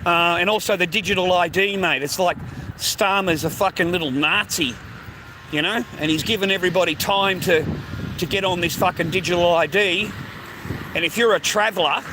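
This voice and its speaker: A man's voice: high-pitched, noisy background. An Australian man streaming a casual, rambling walk-and-talk outdoors on a street near the beach, swearing constantly and ending lines with mate and bro.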